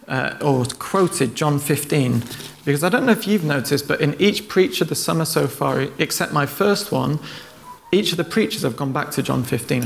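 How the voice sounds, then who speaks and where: Gravelly, higher-voiced male preacher. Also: slight background noise. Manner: retells stories conversationally, acting out quoted lines. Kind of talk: sermon.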